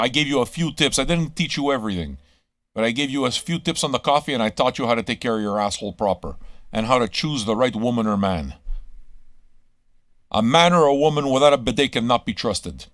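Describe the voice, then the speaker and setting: A man's voice: mid-range voice, fairly bright tone, no room sound, studio quality. A man hosting a live radio stream, ranting crudely at his listeners with constant swearing and rhetorical questions. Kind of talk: crude rambling monologue to chat.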